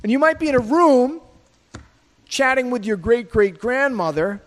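A man's voice: very high voice, animated, moderate pace. A man preaching a sermon in a provocative, conversational way, with many rhetorical questions. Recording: long hall reverb.

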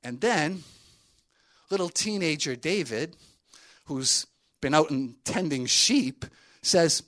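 A man's voice: a little high, lively intonation, unhurried, fairly bright tone. A man telling a story in a sermon to a group, conversational, with many fillers and asides.

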